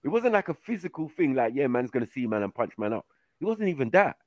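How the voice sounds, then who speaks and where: A man's voice: mid-range voice, very animated, fast, darkish tone, dry recording. A man chatting casually on a podcast, slangy, putting on voices and laughing often. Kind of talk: casual chat. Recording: dry, dull lo-fi sound.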